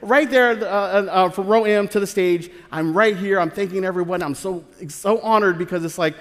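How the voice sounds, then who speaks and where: A man telling his own story live on a theater stage, animated and excitable, often laughing as he talks. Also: high-pitched, moderate pace. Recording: reverberant live theater hall.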